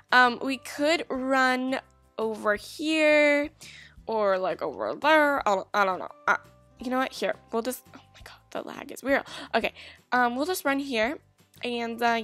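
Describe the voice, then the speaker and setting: A woman's voice: on the high side, a bit bright. A young woman in casual let's-play commentary, bubbly and gushing as she chats to her viewers. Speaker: gaming YouTuber.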